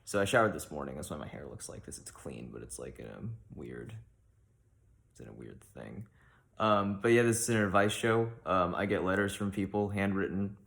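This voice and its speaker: A man with a very low, deep voice hosts a mock advice show in a dry, deadpan comic monologue. He rambles awkwardly and fills his pauses with ums and likes. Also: creaky.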